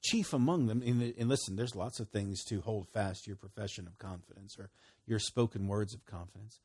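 Guy preaching a sermon, kinda husky voice, chatty, gets loud then drops real low. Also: a little fast. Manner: conversational, swinging between loud emphasis and low murmurs. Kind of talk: sermon teaching.

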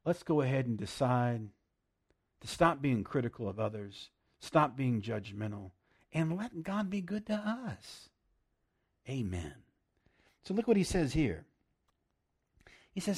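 A male preacher with a husky, slightly raspy voice delivers a sermon in a lively, swooping pitch. He talks plainly and emphatically, jumping from loud exclamations to hushed, whispered asides. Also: takes it slowly. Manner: laughs often, direct and plain-spoken.

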